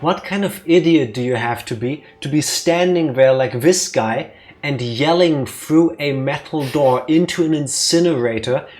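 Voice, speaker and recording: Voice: mid-range voice, unhurried, a little mellow. A co-host of a game playthrough, joking and sarcastic in casual chat. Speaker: let's play co-host.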